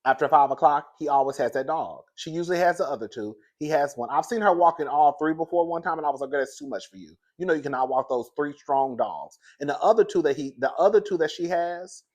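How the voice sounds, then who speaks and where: A man with a fairly high voice tells everyday stories straight to the camera. He is chatty and gossipy, often calls the listener "girl", and keeps the talk casual and personal. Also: fairly quick. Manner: animated, high-pitched and loud when laughing through the story. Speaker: vlogger. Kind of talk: casual storytelling chat.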